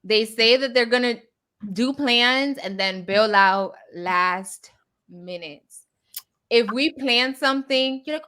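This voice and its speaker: A woman's voice: on the high side, slow pace, pushed and bright, smooth. A woman co-hosting a casual podcast, chatty and opinionated, who laughs easily. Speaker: podcast co-host. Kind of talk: casual chat.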